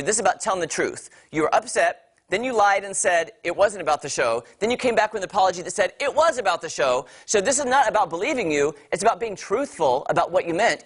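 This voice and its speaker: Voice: medium pitch, a bit bright, slightly rough. A morning TV entertainment host giving chatty, emphatic, opinionated commentary straight to viewers. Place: TV studio.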